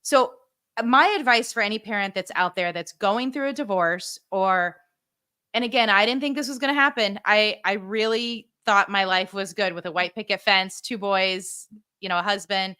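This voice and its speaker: A woman's voice: medium pitch, moderate pace, bright, forceful tone, smooth. A middle-aged woman, a podcast guest, earnestly telling her own story and giving advice to parents. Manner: earnest, heartfelt.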